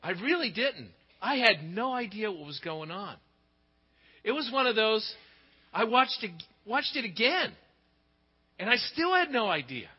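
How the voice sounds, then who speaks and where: A middle-aged man preaching a sermon, telling stories with big swings in pitch and loudness. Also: unhurried, husky. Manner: expressive storytelling, pitch and volume swing widely. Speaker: pastor. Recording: dull sound with long hall reverb.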